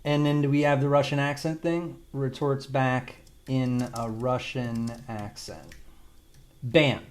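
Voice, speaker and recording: Slow, rambling man swearing casually. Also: mid-range voice, steady tone. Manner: loose, rambling, swears casually, thinks aloud. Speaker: video creator demonstrating an AI video tool. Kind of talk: casual screen-recorded tutorial.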